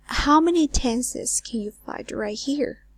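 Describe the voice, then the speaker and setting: A woman teaching an English lesson, asking learners questions and repeating words slowly, with phrase ends trailing to a near whisper. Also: high voice, breathy edge, dry recording. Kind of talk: recorded online lesson.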